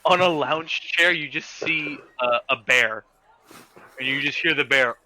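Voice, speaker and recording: A man narrating as game master of a tabletop game, casual and halting as he builds each scene. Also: a little high, sharp tone, poor audio. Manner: casual, halting, restarts descriptions.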